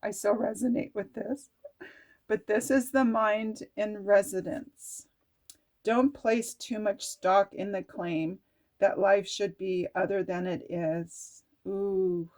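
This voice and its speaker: A woman reads oracle card messages aloud in a slow, drawn-out way, her pitch sitting mid-range for a woman. She breaks off into gushing exclamations, close to tears as the words move her. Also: steady tone, a little mellow. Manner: gushing, exclamatory, laughing, often near tears. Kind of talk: emotional reading of oracle cards aloud.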